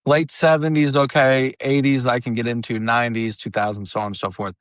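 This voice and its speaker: A man's voice: fairly quick, no room sound. A man co-hosting a podcast, chatting animatedly about movies. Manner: animated, does silly high voices when quoting. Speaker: podcast co-host. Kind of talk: casual chat.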